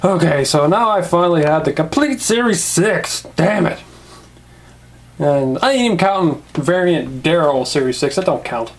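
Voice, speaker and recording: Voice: medium pitch, expressive, moderate pace. A casual toy reviewer who rants, swears and laughs often.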